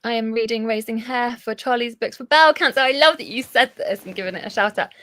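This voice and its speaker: A woman's voice: on the high side, quick pace, a bit bright, dry recording. A woman co-hosting a live book chat, talking casually with frequent laughs and restarts. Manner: chatty and giggly, full of restarts. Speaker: co-host of a book livestream.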